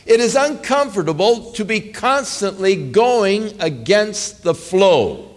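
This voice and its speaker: A man's voice: sits high, animated, slow. A male pastor preaching a sermon, telling stories earnestly and with emphasis.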